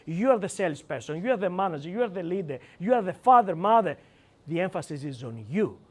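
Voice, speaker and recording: A man with a Greek accent leading a live seminar, emphatic and animated, acting out quoted lines and calling on audience members by name. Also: high voice, fast. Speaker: seminar trainer.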